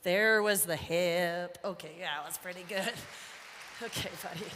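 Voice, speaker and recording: A woman horse trainer giving a live riding demonstration, chatting, joking and softly coaxing her young horse. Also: fairly low pitch, a little slow. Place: large indoor arena. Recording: echoey arena with faint background noise.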